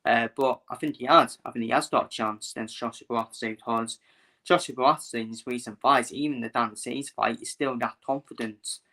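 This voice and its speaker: Chatty man, bright repetitive voice. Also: mid-range voice, fairly even intonation, fairly quick. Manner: repeats himself, fillers, talks to viewers. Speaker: boxing vlogger. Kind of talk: casual live-stream commentary.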